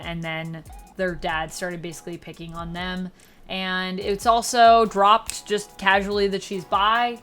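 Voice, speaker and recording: Woman, show reviewer, casual chat, sarcastic, mid pitch, faint background music. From Canada. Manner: chatty and sarcastic, with jumpy pitch and loudness.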